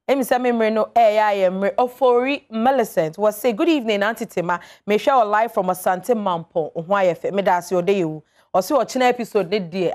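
A woman hosting a radio call-in show, chatting with callers and reading listeners' messages, lively and quick to laugh. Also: mid-range voice. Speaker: radio talk show host.

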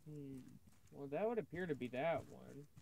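A man chatting casually while playing a co-op game, laid-back and thinking out loud. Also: on the high side, normal speed, creaky, slight background noise, low-quality recording. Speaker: gamer. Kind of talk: casual gaming chat.

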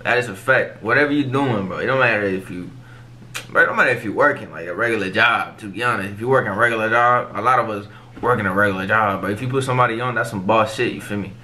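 A young man running a music reaction channel, with a low-pitched voice that still has a bright, forceful edge. He talks in loose, profane slang and keeps breaking in to comment on the track. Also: quick pace, slight background noise.

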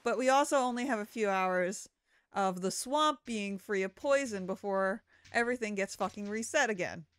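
A woman's voice: medium pitch, moderate pace, a bit bright. A woman giving casual, joking let's-play commentary over a video game, swearing freely. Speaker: gaming commentator. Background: video game music.

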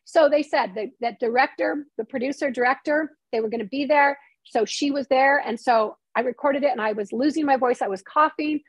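High-voiced, chatty woman storyteller. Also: brisk, few pauses, breathy edge, dry recording. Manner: animated storytelling, acts out quoted dialogue. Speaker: interview guest, novelist and screenwriter. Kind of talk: casual interview chat.

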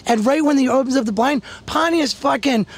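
High, gravelly man telling wild stories. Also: brisk. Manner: excitable, profane, laughs through his stories. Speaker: podcast host. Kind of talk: rowdy storytelling.

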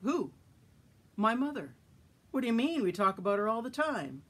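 A woman's voice: a little high, very animated, normal speed, fairly bright tone, husky, pitched above the performer's own voice, exaggerated voice. A woman voicing a guarded older brother. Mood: firm. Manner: firm, clipped replies.

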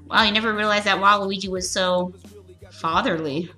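A woman's voice: mid-range voice, steady tone, moderate pace, sharp tone, soft background music. A woman streaming a game, reading its text aloud with giggly, crude offhand jokes. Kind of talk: casual let's play commentary, reading game text aloud.

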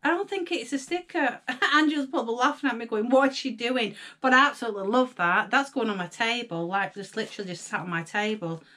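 Brief: young Northern English woman vlogger, gushing and excitable, a touch higher in pitch. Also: fast, hardly any pauses. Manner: gushing, excitable, gasps and chatters to viewers. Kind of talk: casual unboxing chat.

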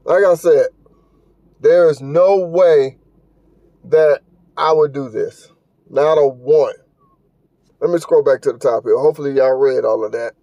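A man's voice: on the high side, unhurried, pauses often, mellow, no room sound, muffled recording. A middle-aged man hosting a podcast, giving blunt, profane, scolding commentary as he reacts to a video. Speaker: podcast host.

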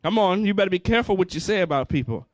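A man preaches with a high, fervent voice, repeating phrases and calling out for the congregation to answer him. His Black colors every line. The sound is dry and close, with little room around it. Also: animated, rapid-fire, dry recording. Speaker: pastor. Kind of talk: sermon.

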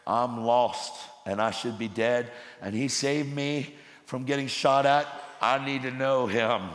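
A man preaching a sermon in a church, swinging from loud, urgent bursts to hushed, low passages. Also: unhurried. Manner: intense, swings from shouting to hushed. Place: church sanctuary. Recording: roomy hall with long reverb.

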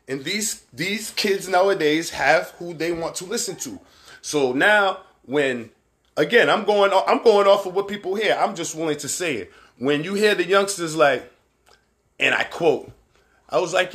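Man, Barbadian accent, livestream host, casual profane rambling, slightly high voice, bright and forceful tone. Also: lively intonation, measured pace. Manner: candid, profane, rambling, shouts out viewers by name. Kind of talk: casual live-stream commentary.

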